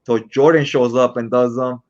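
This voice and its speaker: A podcast co-host with a mid-range voice spins stories at a normal speed during a casual chat, animatedly acting out the quotes. The recording has a dull, lo-fi sound.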